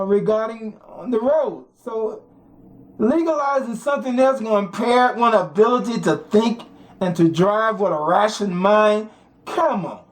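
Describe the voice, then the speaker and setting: A host delivering an opinion monologue in a rhetorical, repetitive way, often urging listeners to think about it. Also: medium pitch. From United States. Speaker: commentary show host.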